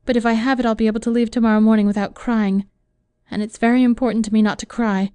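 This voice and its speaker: A woman's voice: on the high side, level tone, fast talker, mellow, clean tone, dry recording, lightly acted. A woman reading a heartbroken young woman, pleading. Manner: pleading, emotional.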